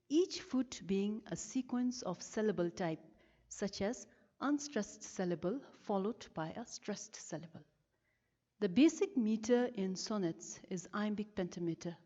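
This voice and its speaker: A woman teacher from Bhutan, giving a recorded lesson and explaining each term slowly and carefully, stressing the key words. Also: mid-range voice, dark tone. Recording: lo-fi with long reverb.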